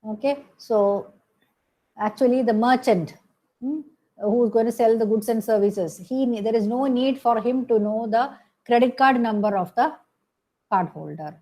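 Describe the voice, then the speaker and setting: A woman's voice: a little high, normal speed, mellow, low-quality recording. A woman giving a recorded lecture, explaining step by step with frequent "okay" and "hmm" fillers and self-corrections.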